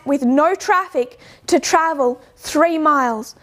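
A woman giving an informal lecture, slowing down to stress points and posing rhetorical questions. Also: high-pitched, a bit bright. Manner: measured, slows down to stress points. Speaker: speaker giving a talk.

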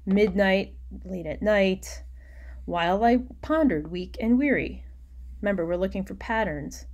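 A woman teaching a recorded poetry lesson at an unhurried, deliberate pace. She explains step by step and drops into quiet muttered asides while annotating on screen. Her voice sits at an ordinary middle pitch.

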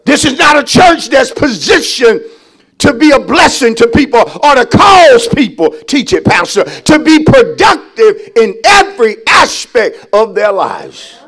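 Male pastor, high voice, slow drawn-out delivery, calls to the congregation and shouts for emphasis. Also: big pitch swings, breathy edge. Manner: preaching with call-and-response, shouting emphasis. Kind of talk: call-and-response sermon.

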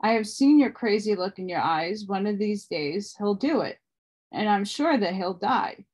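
A woman voicing a serious, daring young boy with a gruff manner while reading an audiobook aloud. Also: mid-range voice, lively intonation, moderate pace, darkish tone. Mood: earnest.

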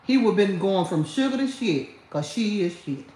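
A woman's dark-toned, medium-pitched voice moves at a moderate pace with animated delivery. She hosts a livestream, laughing and mocking someone in a trash-talking rant aimed right at her viewers, recorded in an echoey room.

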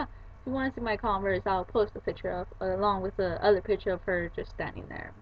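A woman's voice: medium pitch, steady tone, fairly quick, creaky, highs cut off. A young woman vlogging casually about books, retelling her day in a chatty way with quoted voices. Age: young adult. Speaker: book vlogger. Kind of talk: casual chat.

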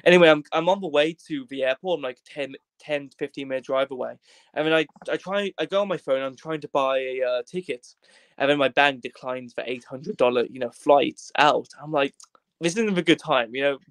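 A man's voice: medium pitch, a little fast, no echo. A young man from Wales, a podcast guest telling a rambling, jokey story in casual chat, swearing freely and acting out the voices of the people in it. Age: young adult.

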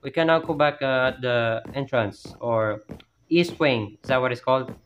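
At home with family nearby, a man plays a horror map and narrates to himself, yelping and exclaiming at every scare in a jumpy, chatty way. His mid-range voice is fairly bright and moves at a moderate pace. The audio is dull, with a little hiss or hum.

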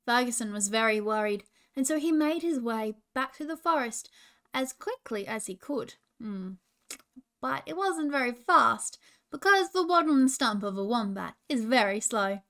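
A woman with an Australian accent reading a children's story with gentle coaching asides. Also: a little high, expressive, normal speed. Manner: warm, gentle, chatty with children.

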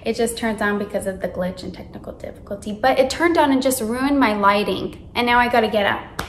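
Young woman, vlogger, chatty storytime, slightly high voice, roomy echo. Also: a little fast, a little hiss or hum. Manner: animated, chatty, lots of fillers and acted-out quotes. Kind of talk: casual storytime.

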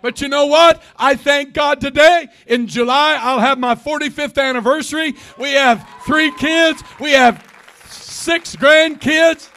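A man in his sixties preaching a fervent Pentecostal sermon in a church, often shouting and calling for responses. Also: very high-pitched, measured pace, a faint crowd. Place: church sanctuary.

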